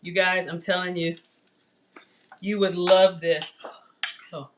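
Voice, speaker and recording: A woman's voice: lowish voice, level tone, takes it slowly, background noise. A woman hosting a casual live cooking stream from her home kitchen, chatting animatedly with viewers. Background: cutlery and dish clatter.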